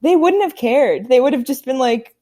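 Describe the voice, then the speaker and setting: A woman in her twenties telling a story as a podcast guest, animated and laughing often, with lots of "like" fillers. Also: sits high, moderate pace. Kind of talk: casual chat.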